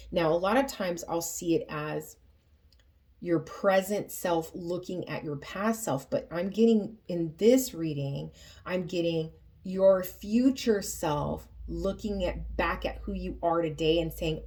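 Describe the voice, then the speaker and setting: A woman giving a tarot reading to her viewers, earnest and emotional, often pausing and restarting her sentences. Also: on the low side, a little mellow. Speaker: tarot reader.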